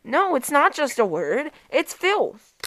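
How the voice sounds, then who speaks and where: A woman's voice: high voice, very animated, slow pace, fairly bright tone, no echo, heavily acted. A woman playing a prudish fifteen-year-old Mormon boy who hosts a call-in podcast, flustered and scolding his callers. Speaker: host of a call-in show. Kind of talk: comedy skit.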